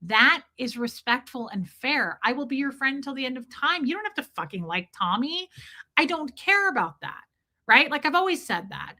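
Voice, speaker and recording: A woman's voice: high-pitched, sing-song, normal speed, sharp tone. A woman live streamer chatting candidly with her viewers, swearing casually and greeting them by name. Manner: greets chat viewers by name mid-story. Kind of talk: casual livestream chat with viewers.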